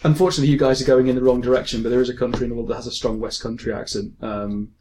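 A man's voice: mid-range voice, flat delivery, very fast, a little mellow, slight background noise. An English man with a mixed, hard-to-place forces-kid accent chats on a podcast. He is loose and jokey, laughs a lot and swears freely. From England. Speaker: podcast host. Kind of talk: casual chat, reading listener mail.

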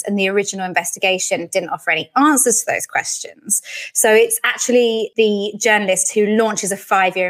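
A woman's voice: mid-range voice, a bit bright. Chatty woman podcast host. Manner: chatty, quick to laugh. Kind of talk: casual chat.

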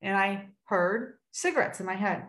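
A woman's voice: medium pitch, animated, moderate pace, fairly bright tone, reverberant, rough recording. A woman sharing a personal faith story in casual talk on a video call, earnest and acting out what people said. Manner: earnest storytelling with acted-out quotes.

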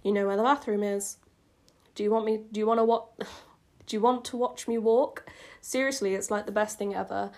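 A woman voicing a pregnant young vampire woman who is weary and teasing, in a soft, sighing read-aloud delivery. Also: medium pitch, fairly even intonation, moderate pace, lightly acted.

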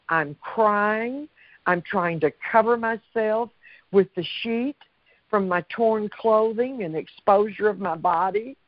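A woman giving personal testimony in an interview, halting and hesitant, repeating her words. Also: mid-range voice, no echo. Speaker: interview guest. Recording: dry, dull lo-fi sound.

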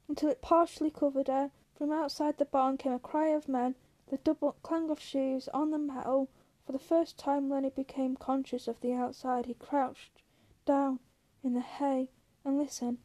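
A woman reading a novel aloud in a steady, unhurried storytelling manner. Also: sits high, no room sound. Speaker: reader.

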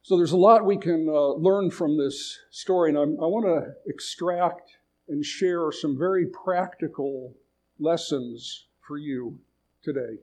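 Mellow-voiced man preaching. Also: fairly high pitch, unhurried, husky. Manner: conversational, restarts phrases, paraphrases a story aloud. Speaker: retreat speaker. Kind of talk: sermon with storytelling.

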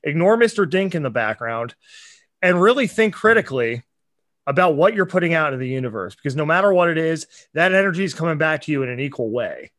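A man's voice: on the high side, lively intonation, fast talker, fairly bright tone, no room sound, studio quality. A man co-hosting a podcast, talking in an earnest, impassioned, preachy way in casual chat. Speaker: podcast co-host.

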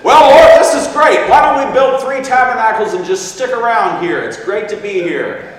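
A man's voice: very high-pitched, normal speed, voice pushed up. A man voicing the impulsive, eager male disciple Peter, blurting out his ideas, heard from far off in an echoey hall. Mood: excited. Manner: blurting excitedly.

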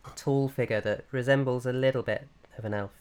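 Unhurried man narrating as game master. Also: medium pitch, fairly even intonation, a little mellow, smooth. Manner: descriptive, unhurried, with fillers.

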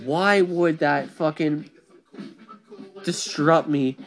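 A man giving a blunt, profane, animated rant about being yourself and not following the crowd, talking casually to listeners. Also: fairly high pitch, drawn-out words. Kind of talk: casual monologue.

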